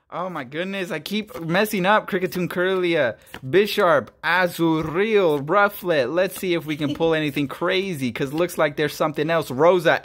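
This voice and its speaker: A man hosting a casual card-opening video, excitable, swinging from quiet muttering to loud bursts, his voice going hoarse. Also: a little high, measured pace. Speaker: YouTube host opening trading cards.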